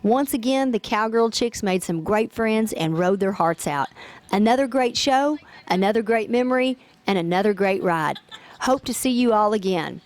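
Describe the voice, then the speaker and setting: A woman's voice: mid-range voice, animated, moderate pace. A woman giving upbeat scripted narration for a show. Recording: voice-over with music behind.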